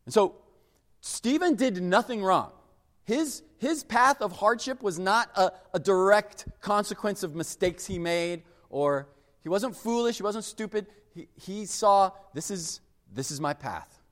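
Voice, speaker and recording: High-voiced animated preacher man. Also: unhurried, big-room sound. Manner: animated, emphatic preaching with sudden drops to quiet. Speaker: pastor. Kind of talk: sermon.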